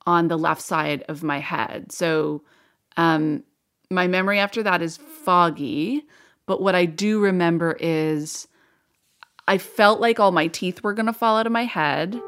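A woman with a lowish voice tells her own story as a radio interview guest. She speaks frankly and reflectively, with a dry, wry edge. The telling is unhurried and personal. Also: fairly bright tone.

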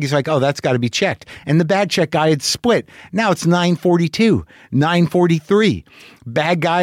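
A man's voice: on the high side, dry recording, studio quality. A man hosting a show, telling a long rambling story full of swearing and self-deprecation. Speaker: podcast host. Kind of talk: monologue.

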